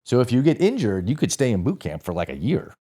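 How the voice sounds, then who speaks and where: A man's voice: mid-range voice, wildly swooping pitch, quick pace, mellow, breathy edge. A man in his forties from St. Louis, a podcast guest telling a rambling, profane story in a casual way and correcting himself as he goes. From St. Louis, USA. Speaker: podcast guest, former Marine.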